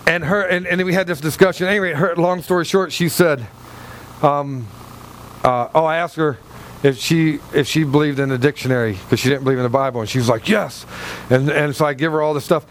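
A male pastor preaching in a high voice, reading a verse and stopping to explain it. He rambles and restarts his sentences, checking in with the congregation, with faint noise behind him. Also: fairly even intonation, fairly quick. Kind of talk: sermon with Bible reading and anecdote.

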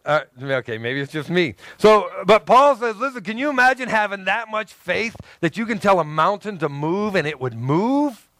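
A man's voice: high-pitched, lively intonation, normal speed, hardly any pauses, sharp tone, dry recording. A man preaching a sermon as a pastor, conversational and emphatic, often repeating himself and adding joking asides.

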